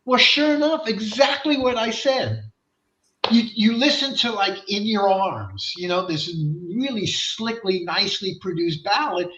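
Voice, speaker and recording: A high, bright male voice tells a rowdy, swearing-laced story in a casual interview and jumps into the voices of the people in it. The sound is roomy and a little dull, like lo-fi livestream audio. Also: measured pace. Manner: animated, profane storyteller who acts out voices. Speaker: guest rock singer.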